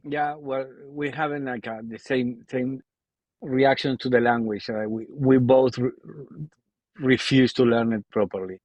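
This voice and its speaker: A man's voice: medium pitch, steady tone, measured pace, a little mellow, dry recording, muffled recording. A man with an Argentine accent, speaking English as a second language, hosting a casual podcast interview and often restarting his sentences as he searches for words. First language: Spanish. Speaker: podcast host.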